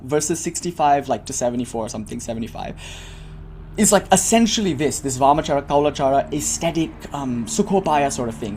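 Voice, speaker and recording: A man teaching a weekly class, giving an earnest spoken lecture full of animated explaining and frequent asides. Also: mid-range voice, slightly rough.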